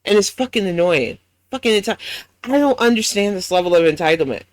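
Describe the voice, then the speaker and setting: A man with a New York accent delivers angry reaction commentary, cursing freely and mocking his target. His voice sits high for a man. The sound is dry and close, with no room around it. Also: lively intonation, a little fast, dry recording. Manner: blunt, profane, mocking. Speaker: commentary host.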